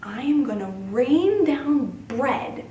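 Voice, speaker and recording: A woman voicing a calm, reassuring God making a promise in a children's Bible story. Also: high-pitched, takes it slowly, roomy sound, recorded from a distance, background noise, full character voice.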